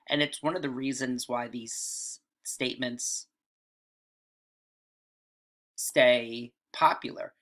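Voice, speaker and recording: Gravelly, bright-voiced male writing teacher. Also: mid-range voice. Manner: casual, frequent "all right" and "right?" fillers. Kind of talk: casual video lesson.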